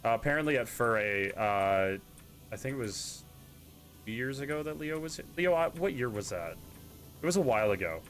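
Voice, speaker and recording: A young man with a Canadian accent chatting casually while streaming a game, playful and quick to mimic accents. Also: mid-range voice, expressive, fairly bright tone, faint music behind. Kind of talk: casual gaming chat.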